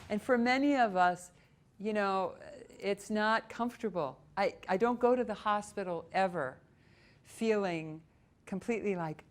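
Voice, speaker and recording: A middle-aged woman with an Upper Midwest American accent speaks to a library audience. Her voice sits fairly low and stays expressive. Now and then she drops into a few lines of song before going back to talking. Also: moderate pace. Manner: warm, animated, breaks into short sung phrases. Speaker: voice coach and presenter. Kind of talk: library presentation talk. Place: public library meeting room.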